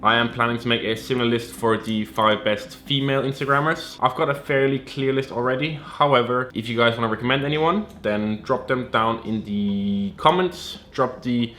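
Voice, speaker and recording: A man's voice: medium pitch, normal speed, few pauses, bright, forceful tone, roomy sound, slight background noise. A man in casual chat about fashion, rambling and repeating his words, now and then swearing offhand. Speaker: fashion YouTuber.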